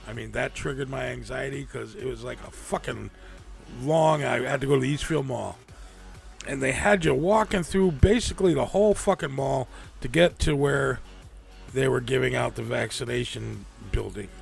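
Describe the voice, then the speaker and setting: A man's voice: mid-range voice, moderate pace, faint music behind. A man hosting a casual livestream, rambling and swearing freely with frequent restarts. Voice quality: gravelly. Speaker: livestream host.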